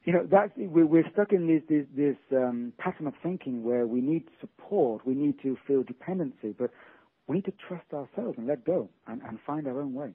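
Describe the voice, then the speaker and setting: A male author guest talking earnestly in a casual interview, halting often and restarting his sentences. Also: medium pitch, lively intonation, slightly rough, no echo. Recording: tinny phone line.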